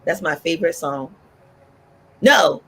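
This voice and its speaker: Talk-show host, woman, gravelly and husky, animated and preachy, jumps high when she exhorts. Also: normal speed.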